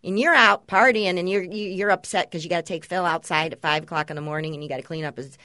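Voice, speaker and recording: A woman and mother co-hosting a podcast, chatting casually and telling stories with lively, acted-out quotes. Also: on the low side, quick pace, no room sound, clean studio sound. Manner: animated storytelling, mimics others' voices. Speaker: podcast host. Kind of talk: casual chat.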